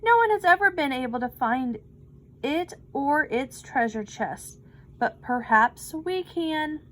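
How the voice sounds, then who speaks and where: Woman voicing a brisk, helpful librarian. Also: sits high, expressive, a bit bright, exaggerated voice. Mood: scheming.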